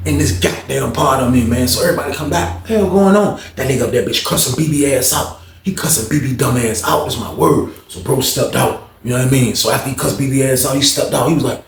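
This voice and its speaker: A man's voice: medium pitch, fast, vocal fry. A man casually telling a story in slangy, rambling speech. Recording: roomy echo.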